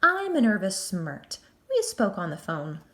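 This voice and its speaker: A woman's voice: medium pitch, huge pitch swings, measured pace, fairly bright tone. A woman voicing a stern, bossy woman caseworker with a clipped, scolding manner. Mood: fake polite.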